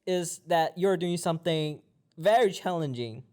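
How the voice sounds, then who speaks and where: A man's voice: on the high side, a little slow, darkish tone. A man, a guest on a podcast, talking in casual chat and often repeating and restarting his words.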